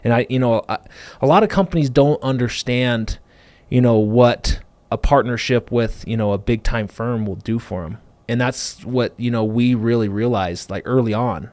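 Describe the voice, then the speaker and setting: A man's voice: mid-range voice, dry recording. A man hosting a podcast, telling his business story in a loose, rambling way full of fillers. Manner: fast, animated, full of fillers like "like" and "you know". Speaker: podcast host and business owner. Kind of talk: casual conversational storytelling.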